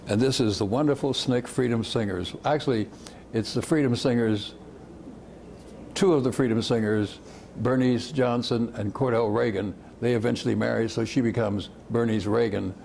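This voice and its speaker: Looking back through old photographs, an elderly man who served in the civil rights movement chuckles fondly and lets his sentences trail away in rambling reminiscence. He speaks in a lowish, creaky, darkish voice over slight background noise.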